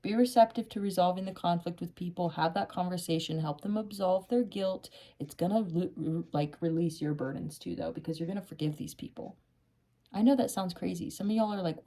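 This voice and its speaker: Excitable woman reading tarot, laughing and swearing. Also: fairly low pitch, a little fast. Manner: calls the listener honey. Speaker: tarot reader.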